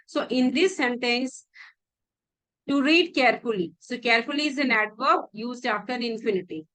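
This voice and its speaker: High-voiced Indian woman teaching grammar. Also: fairly bright tone, poor audio. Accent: Indian English. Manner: explains slowly with restarts, repeats key phrases. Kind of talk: exam-prep grammar lesson.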